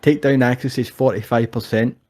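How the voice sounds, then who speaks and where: A young Scottish man talks through fight stats in a relaxed, sweary way. His voice is warm and mellow, and he slips into lively retellings of what other people said. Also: mid-range voice, quick pace. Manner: swears freely, animated storytelling. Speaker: co-host. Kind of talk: casual sports chat.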